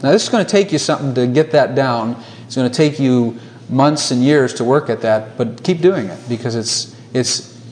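A man preaching a sermon to a congregation, animated, laughing often and asking rhetorical questions. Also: medium pitch, moderate pace.

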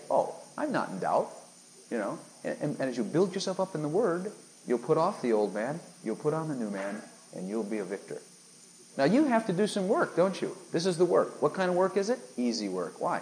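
A man's voice: fairly high pitch, very animated, brisk, darkish tone, slight background noise, poor audio. A man preaching a sermon, emphatic and full of rhetorical questions aimed at his listeners.

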